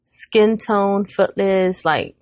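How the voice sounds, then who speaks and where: A woman's voice: mid-range voice, extremely slow, no echo. A woman in her thirties on a podcast, telling a family story in casual chat, swearing freely and acting out what each person said. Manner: animated retelling with quoted voices, frequent swearing. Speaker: podcast co-host.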